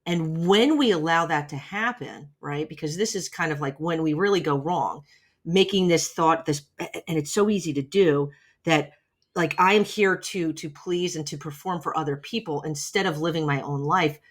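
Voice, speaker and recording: Woman, middle-aged, lowish voice, motivational talk, chatty, emphatic. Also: moderate pace. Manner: chatty and emphatic, often asks "right?". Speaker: podcast host.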